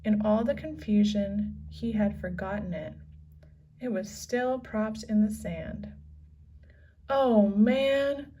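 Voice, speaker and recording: A woman reads a children's book aloud, unhurried and expressive, letting each sentence land. She speaks at a steady middle pitch. Her voice is picked up from some way off the microphone. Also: slight background noise. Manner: slow, expressive storytelling. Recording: distant from the mic.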